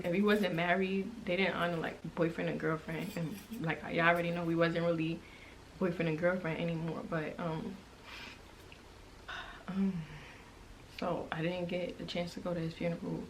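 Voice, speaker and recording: A young woman telling a personal story to her viewers in a casual, emotional way, halting with many restarts. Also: mid-range voice, fairly even intonation, a little hiss or hum, low-quality recording. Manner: conversational and direct to viewers. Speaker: vlogger.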